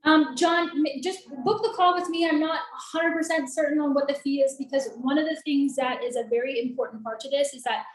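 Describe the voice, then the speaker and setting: A woman talking in a chatty, upbeat, persuasive way, pitching her business on a video call. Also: steady tone, fairly quick, few pauses. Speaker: lead generation and call center business owner. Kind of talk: casual sales pitch on a coaching call. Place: in Colombia. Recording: roomy echoey room.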